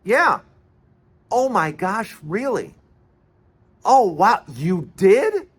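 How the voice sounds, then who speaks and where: A man's voice: sits high, sing-song, extremely slow, fairly bright tone, breathy edge, heavily acted. A man quoting an eager young woman talking on the phone, in his own raised voice. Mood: excited.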